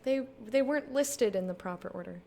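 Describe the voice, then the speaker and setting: A woman's voice: on the high side, animated, a little fast, mellow, a little hiss or hum. A woman in her thirties chatting casually as she plays a game, laughing often and reading lines aloud. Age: 30s. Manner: chatty, giggly, reads game text aloud. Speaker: gaming streamer. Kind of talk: casual let's play commentary.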